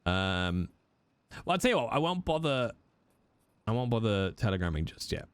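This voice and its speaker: A man's voice: lowish voice, big pitch swings, normal speed, smooth, no echo. A man, chatting casually with viewers on a live stream, jokey and teasing, with the odd swear.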